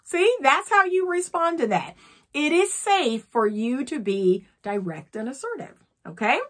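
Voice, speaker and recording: A woman's voice: fairly high pitch, sing-song, measured pace, a bit bright. A woman speaking as a relationship coach, earnest and instructive. She talks straight to her viewers and checks in with them often. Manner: earnest, coaching, frequent "okay?" check-ins. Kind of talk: instructional talk to camera.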